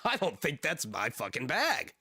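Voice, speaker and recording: A man's voice: a little high, wildly swooping pitch, normal speed, pushed and bright, breathy edge, dry recording, studio quality. A man streaming casually, reading news aloud with sardonic, profane asides and laughs.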